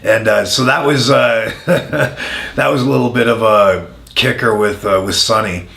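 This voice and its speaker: Male interview guest, lowish bright voice, frank storyteller, echoey room. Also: creaky. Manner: frank, many "uh" pauses, animated when telling anecdotes. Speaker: former wrestler, interview guest.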